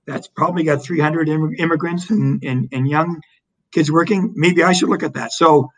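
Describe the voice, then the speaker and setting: Animated man, fairly high voice. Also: husky, poor audio. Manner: animated storytelling with frequent restarts and fillers. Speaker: interview guest, economic development leader. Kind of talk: conversational interview.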